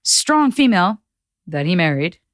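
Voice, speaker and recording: A woman guest on a podcast, chatting casually and acting out quotes with lively voices. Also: fairly low pitch, moderate pace, dry recording, clean studio sound. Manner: animated storyteller acting out quotes. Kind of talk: casual chat.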